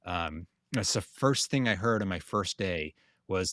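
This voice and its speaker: A man's voice: low voice, expressive, a little slow, fairly bright tone, no room sound, clean studio sound. A man from New England with a Boston accent, a guest talking loosely in an interview with many fillers. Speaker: guest, insurance consultant. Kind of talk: casual interview talk.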